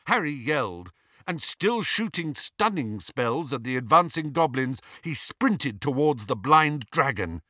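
A man reading an audiobook in a dramatic, expressive narrating manner. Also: mid-range voice, slow pace, dry recording, studio quality.

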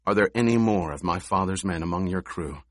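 A man reading the part of a resolute young male duke in an audiobook, speaking in a measured, quietly commanding way. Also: low voice, no room sound, studio quality. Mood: calm.

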